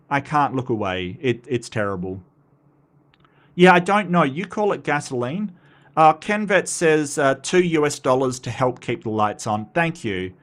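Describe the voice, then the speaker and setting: A man's voice: mid-range voice, a bit bright. An Australian man hosting a casual livestream, chatty and rambling, with frequent asides and restarts. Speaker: livestream host.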